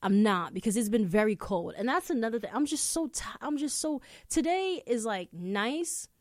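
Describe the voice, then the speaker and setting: A woman from New York talks at normal speed in a fairly high voice with lively intonation, hosting her casual solo podcast from a studio with no echo. Her stories are chatty, rambling and full of swearing.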